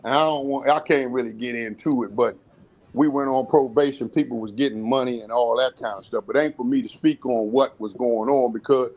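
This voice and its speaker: A man's voice: medium pitch, steady tone, brisk, darkish tone, muffled recording. A middle-aged man, a former college basketball player, trading boastful jokes as a guest in a casual sports chat, repeating words and laughing often.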